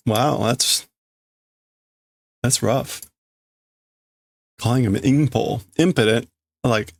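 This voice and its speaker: A man's voice: medium pitch, takes it slowly, vocal fry, long pauses, dry recording. A man streaming himself as he reads a comic and works out the translation aloud, hesitant and full of fillers. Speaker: streamer learning Japanese. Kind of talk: casual reading and translating aloud.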